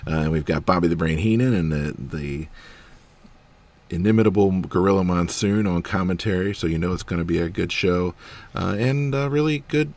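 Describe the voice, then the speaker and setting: Chatty male podcast co-host, thirties, very low voice, relaxed and rambling. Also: moderate pace. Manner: chatty, many ums, laughs easily. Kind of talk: casual chat.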